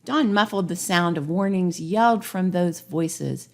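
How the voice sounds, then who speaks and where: A woman's voice: lowish voice, measured pace. A woman reading a rhyming storybook parody aloud in a sing-song way. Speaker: narrator.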